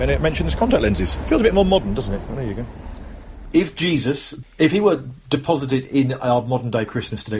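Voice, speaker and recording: A man's voice: mid-range voice, a little mellow. A middle-aged man hosting a casual, chatty talk outdoors while out shopping, often correcting himself and joking. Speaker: host. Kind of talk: casual talk about Christmas history. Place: outdoors near a road, out shopping. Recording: outdoor street recording with faint traffic.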